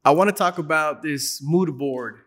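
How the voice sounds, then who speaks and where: A man's voice: a little high, moderate pace, fairly bright tone. A man hosting a casual interview, encouraging his guest and often repeating words while searching for the next phrase. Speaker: interviewer host.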